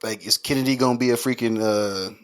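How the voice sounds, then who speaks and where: A man's voice: on the low side, fairly even intonation, fairly quick. A man co-hosting a podcast in casual chat, laid-back and chuckling. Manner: laid-back, chuckling, backs up his co-host. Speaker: podcast co-host.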